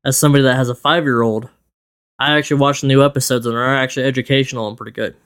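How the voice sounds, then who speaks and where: A man's voice: medium pitch, fairly even intonation, very fast, a bit bright, clean tone. A man co-hosting a casual podcast chat, matter-of-fact. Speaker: podcast co-host.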